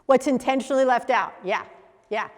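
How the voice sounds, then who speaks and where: A woman leading a coaching workshop for a live group, animated and acting out example voices as she teaches. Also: on the high side, fairly quick. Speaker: coach trainer. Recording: echoey hall reverb.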